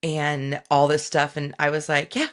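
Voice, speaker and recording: A middle-aged woman co-hosting a podcast, chatting casually and telling animated stories with sudden high-pitched acted-out moments. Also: a little slow. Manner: animated storytelling, jumps into high excited voices when acting out scenes. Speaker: podcast co-host. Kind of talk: casual chat.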